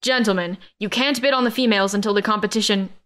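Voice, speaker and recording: A cold, aloof father, as a woman reads him calls out bids and winners in a formal, grudging tone. The voice stays smooth and clear, never warming up. It sits at an ordinary middle pitch. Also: fast talker, lightly acted. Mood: flat announcing. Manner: formal, unenthusiastic announcer.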